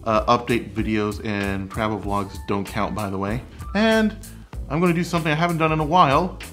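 A man's voice: lowish voice, lively intonation, a little fast, a bit bright, soft background music. A man hosting his own cooking channel, chatting candidly and critiquing his own recipe videos. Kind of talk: casual vlog commentary.

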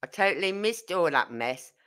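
A woman's voice: on the low side, animated, normal speed, a bit bright. A woman hosting a true crime livestream, rambling and indignant as she reads out viewer comments. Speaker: true crime channel host. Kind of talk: casual livestream chat.

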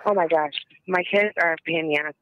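A woman's voice: deep voice, fast, no echo. A woman chatting on a phone call with her partner, teasing and cutting in often. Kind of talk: casual phone chat.

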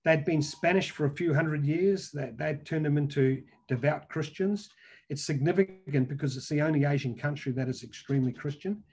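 An older man talks business in a loose, rambling way and keeps repeating words as he goes. His voice is husky and sits slightly higher than most men's. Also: normal speed, a little mellow. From Australia. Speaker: business owner speaking in a webinar. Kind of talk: casual business talk.

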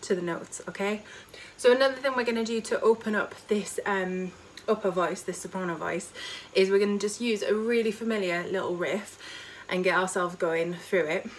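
A woman choir leader, teaching an online vocal warm-up from home and demonstrating high sung notes. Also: normal speed, slight background noise. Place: home during lockdown.

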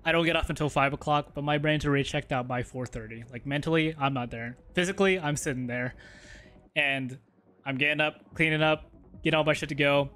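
A man telling a funny work story, then reacting loudly to a fighting game, laughing and swearing freely. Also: fairly high pitch, fairly quick. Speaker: gaming YouTuber. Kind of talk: storytelling and live gameplay commentary.

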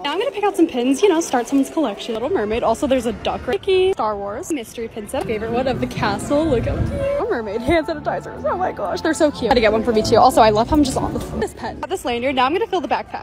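A young woman narrating her own videos as a creator, bubbly and gushing as she shows off things she bought. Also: sits high. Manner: bubbly, gushing, quick and excitable. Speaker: TikTok creator. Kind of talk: casual vlog voice-over.

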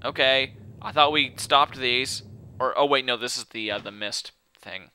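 A man's voice: medium pitch, measured pace, pushed and bright, clean tone. A man hosting a video game let's play, chatting casually and laughing easily as he rambles.

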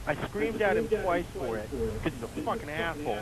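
A young man chatting casually while gaming, telling a story with lots of swearing and loud outbursts. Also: a little high, big pitch swings, fairly quick, over a noisy crowd, rough recording. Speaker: gamer. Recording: loud game music behind.

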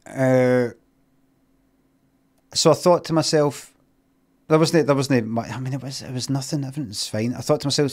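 On a stream, a Scottish man tells a casual story in a medium-pitched voice at a moderate pace, leaving long pauses. He's animated and self-mocking, often arguing back at himself as he goes.

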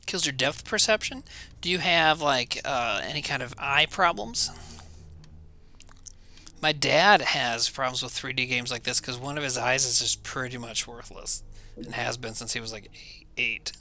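A man's voice: mid-range voice, unhurried, pushed and bright. A man streaming a video game, rambling to his chat in a self-mocking way while he plays. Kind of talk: casual gaming stream chat.

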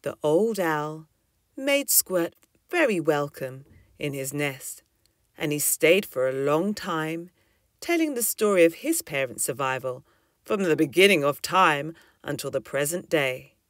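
A woman reading a children's story aloud in an expressive, lilting way. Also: sits low, unhurried, dry recording, clean studio sound.

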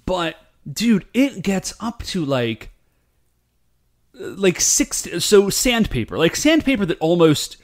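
A man co-hosting a podcast in casual chat, animated and rambling, full of fillers. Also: sits high, takes it slowly. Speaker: podcast co-host.

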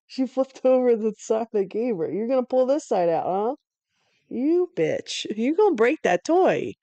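A woman's voice: on the high side, lively intonation, moderate pace, dark tone, no echo, highs cut off. A woman giving casual live play-by-play commentary from home, laid-back and swearing freely between plays.

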